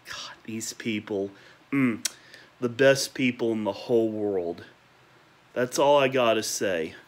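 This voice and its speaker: A young man at home at night, ranting emotionally about people he misses and repeating warm praise, sometimes talking quietly. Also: mid-range voice, a little slow. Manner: emotional, repetitive, listing names with gushing praise; talking quietly at times because parents are asleep. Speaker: vlogger. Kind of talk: nostalgic rant to camera.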